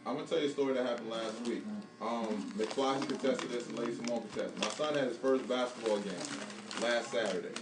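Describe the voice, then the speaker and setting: A man hosting a podcast, telling a family story in a fast, animated casual chat. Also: medium pitch, reverberant, far from the mic. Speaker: podcast host.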